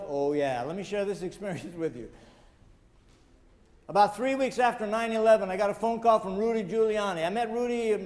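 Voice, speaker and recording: High-voiced man lecturing in a big hall. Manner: joking asides, chuckles at own jokes; addresses audience directly, emphatic. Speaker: guest speaker. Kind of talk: motivational lecture with personal stories.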